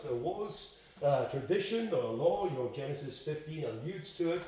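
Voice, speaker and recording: Male preacher, emphatic sermon, mellow higher voice, far from the mic in a very echoey hall. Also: expressive, moderate pace. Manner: emphatic, swings between loud and quiet for stress. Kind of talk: expository sermon. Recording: echoey room, distant mic.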